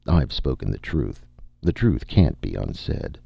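A man's voice: very deep voice, very animated, a little slow, creaky, warm tone, no room sound, exaggerated voice. A man voicing a defiant male heretic who answers his judges firmly and stonily, in an audiobook. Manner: firm, stony defiance. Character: defiant male heretic craftsman, stony and proud. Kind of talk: audiobook character voice. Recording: dull, dry audiobook recording.

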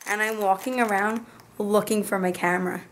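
A young woman with a hoarse, fading voice, chatting to a handheld camera at home as a family vlogger. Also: medium pitch, fairly even intonation, normal speed, a little hiss or hum. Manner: chatty and rambling, with many asides. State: hoarse, losing her voice. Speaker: family vlogger, mother of a baby. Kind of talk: casual vlog chat to camera.

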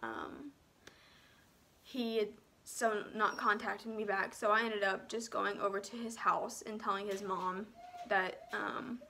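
Young woman's bright, tearful storytelling. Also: mid-range voice, fairly even intonation, gravelly, a little hiss or hum. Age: young adult. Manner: halting, soft, often dropping to a near whisper; frequent "um" and "like" fillers. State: emotional, on the edge of tears. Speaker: vlogger telling her own story. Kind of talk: personal storytelling vlog.

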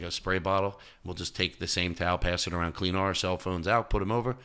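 A male comedian talking as a podcast guest, telling stories in an animated way and jumping into high, loud voices when he quotes people. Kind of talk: casual interview chat.

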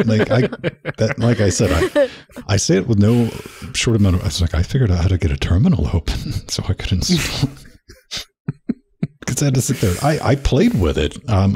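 A man's voice: sits low, creaky, a little mellow, slightly rough. A man co-hosting a casual tech podcast, rambling and repeating himself, often tossing in "man". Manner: rambling, repeats words, says "man" a lot. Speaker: podcast co-host.

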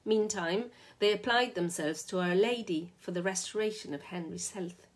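A woman reading a short story aloud in a steady, measured way. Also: mid-range voice. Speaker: reader.

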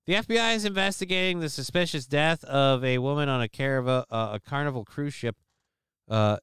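A man's voice: mid-range voice, moderate pace, creaky, a bit bright, smooth, dry recording, studio quality. A man hosting a live stream show, talking casually and rambling through news stories in a crude, sarcastic way with lots of swearing.

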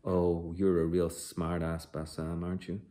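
A man with a deep voice reading the part of a hostile, suspicious male airport security interrogator who mocks as he questions. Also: level tone, a little slow, mellow. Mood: mocking. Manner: mocking, aggressive questioning.

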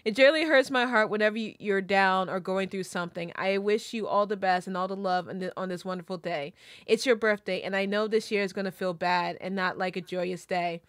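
A woman's voice: medium pitch, fairly even intonation, brisk, a bit bright, no room sound, studio quality. A woman streamer reading birthday messages aloud, emotional and tearful, laughing between lines. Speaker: VTuber streamer.

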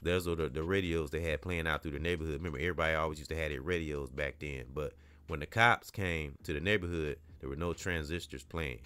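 A man's voice: very deep voice, quick pace, sharp tone, clean tone, dry recording. A man reading a novel aloud, stopping often to explain the story in a casual way and repeating himself as he corrects his reading. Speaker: book reader.

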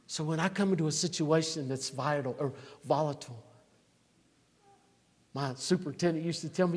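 A man in his sixties preaching a sermon, swinging from near-shouts to quiet asides. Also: fairly high pitch, normal speed, pauses often, slightly rough, big-room sound. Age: 60s. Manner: emphatic, rising to near-shouts then dropping to a conversational aside. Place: church.

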